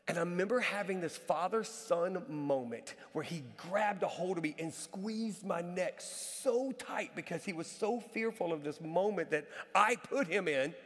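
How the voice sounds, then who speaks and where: A male pastor preaching a sermon with a high-pitched voice. He tells stories with lively energy and climbs into excited shouting at the big moments. His voice carries the long reverb of a large church hall. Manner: lively storyteller who rises to excited shouting. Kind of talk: sermon with a personal story.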